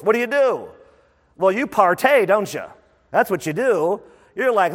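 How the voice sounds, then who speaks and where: A man preaching a sermon as a pastor, lively and conversational, repeating words for emphasis. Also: sits high, a little slow, husky. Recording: long reverb of a large hall.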